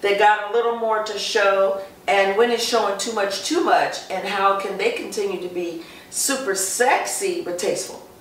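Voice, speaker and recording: A woman's voice: mid-range voice, moderate pace. A woman hosting a talk show, chatting casually and leading with questions and frequent okays. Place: Las Vegas. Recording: echoey room, far from the mic, faint background hum.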